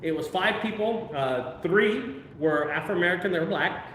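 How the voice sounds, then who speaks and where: A man telling a casual, profane, animated story about his junk removal business. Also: sits high, normal speed, slight background noise. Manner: animated, profane, acts out quoted voices. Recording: echoey room, far from mic.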